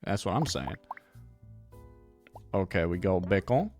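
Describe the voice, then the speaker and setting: A man's voice: low voice, sing-song, unhurried, a little mellow, soft background music. A man commenting playfully on a game he is playing live, thinking aloud and slipping into silly voices. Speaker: game streamer.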